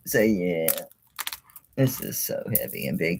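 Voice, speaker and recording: A woman with a low voice hosts a casual live jewelry sale, chatty and exclaiming. Her pitch swings widely as she talks, and she drops in mild swearing. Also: very animated, a little slow, creaky, pauses often, heavy background noise. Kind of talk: casual live-stream sales talk.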